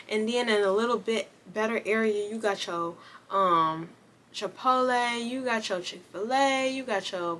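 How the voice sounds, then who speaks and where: A woman's voice: on the high side, sharp tone. A young woman reviewing a movie in casual, slangy chat, talking straight to her viewers. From United States.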